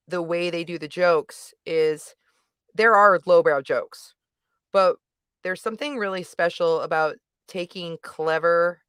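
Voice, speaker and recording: A middle-aged woman chats through a movie review with animated emphasis, often circling back to restate her point. Her voice is smooth and resonant, recorded close and dry. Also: low-pitched, dry recording. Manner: animated, emphatic, rambling with self-corrections. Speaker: guest reviewer. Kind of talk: casual livestream movie review chat.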